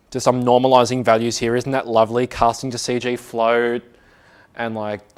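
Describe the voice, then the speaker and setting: A man's voice: mid-range voice, clean tone. Man, casual meetup talk, self-deprecating, filler-heavy, conversational. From Australia. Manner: chatty, self-mocking, lots of "like" fillers. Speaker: meetup speaker. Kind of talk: casual tech talk to a small audience. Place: office meeting room.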